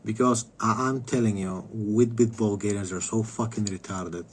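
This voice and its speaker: A man streaming a game, rambling in a profane, contemptuous rant that keeps trailing off into low mutters. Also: fairly even intonation, normal speed, a little hiss or hum. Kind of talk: casual rant while gaming.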